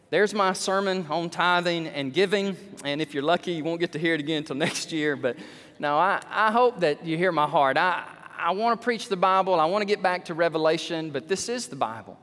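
A fairly high-voiced man with a drawl preaches in a church sanctuary, his voice ringing with long reverb. He shifts between slow, hushed emphasis and sudden loud, high-pitched bursts. The delivery is a pastor's full sermon style. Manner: animated preaching, swings from low and slow to loud high exclamations.

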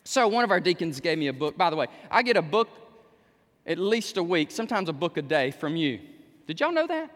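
A male pastor preaching a sermon in a church, animated, with sudden shouts and humorous asides. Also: on the high side, brisk. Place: church sanctuary. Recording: echoey church hall.

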